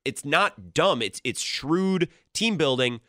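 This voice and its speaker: A young man holding forth as a sports radio host, his voice bright and forward and his pitch swinging up and down as he argues his point. It is chatty, opinionated talk radio. He is close on a studio mic in a dry room. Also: takes it slowly, no room sound. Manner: opinionated, animated and conversational. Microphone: studio microphone.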